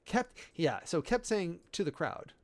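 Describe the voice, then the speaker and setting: A man preparing a sermon in a loose, halting way, working through Greek words with many fillers and self-corrections, amused by the details. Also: high-pitched, big pitch swings. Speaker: preacher.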